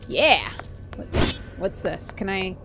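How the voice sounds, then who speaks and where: A woman streamer playing a video game live, talking playfully, reacting loudly and laughing. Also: medium pitch, big pitch swings, slow, over loud music. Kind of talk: live gameplay commentary.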